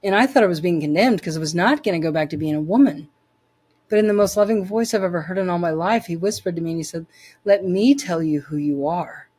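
A woman's voice: lowish voice, fast, a little mellow, breathy edge. A woman as an interview guest, telling her personal faith testimony in an earnest, emphatic way, repeating phrases for weight.

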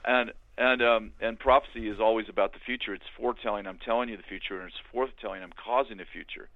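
A man's voice: fairly low pitch, steady tone, dry recording. Man on a tinny, phone-like line. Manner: halting, many restarts and fillers. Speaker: guest, author and minister. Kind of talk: conversational storytelling.

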